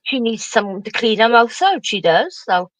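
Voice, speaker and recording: A woman's voice: on the high side, expressive, moderate pace, dry recording. A woman guest on a live-stream panel, gossiping with scorn about someone. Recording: dull, lo-fi remote line.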